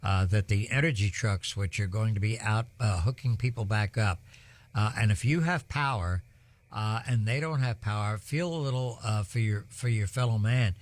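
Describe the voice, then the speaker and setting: A man's voice: on the low side, moderate pace. An older man, telling stories during live storm coverage in a rambling, folksy way full of ums and uhs. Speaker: broadcast weather host.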